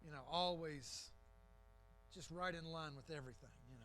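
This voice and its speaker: In a low-quality recording with a little hiss or hum, a pastor preaches a sermon in a church. His voice is on the high side and a bit bright, at normal speed, and he speaks conversationally and emphatically, often restarting his sentences.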